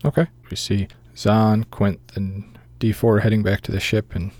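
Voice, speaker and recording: A man running a tabletop game as game master, narrating scenes in a measured way with filler pauses. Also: fairly low pitch, flat delivery, a little mellow, no room sound.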